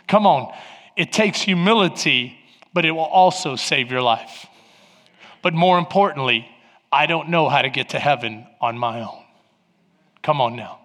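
A man's voice: a little high, normal speed, a bit bright, big-room sound. A man in his forties preaching a sermon as pastor, calling out to the congregation with rising fervor. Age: 40s.

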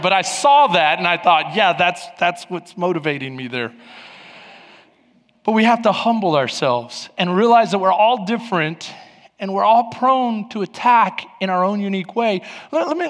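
A middle-aged man preaching a sermon, telling stories and acting out scenes, getting loud when worked up. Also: high voice. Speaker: pastor. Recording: long hall reverb.

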